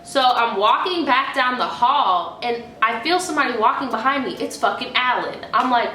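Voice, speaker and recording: A young woman vlogger telling a story in a casual, profane, animated way. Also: on the high side, normal speed, hardly any pauses, slight background noise. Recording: echoey room, faint music.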